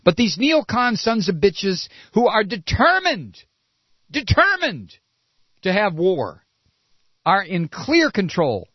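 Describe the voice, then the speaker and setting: High, animated ranting radio host. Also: male voice, slow pace, breathy edge, dry recording, highs cut off. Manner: indignant, sarcastic, mocking impressions. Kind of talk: ranting political commentary.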